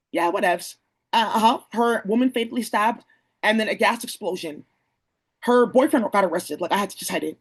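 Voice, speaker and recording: Bay Area speaker, husky voice, rushed rambling rant, slangy and profane, direct-to-camera monologue. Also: mid-range voice, poor audio. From San Francisco Bay Area.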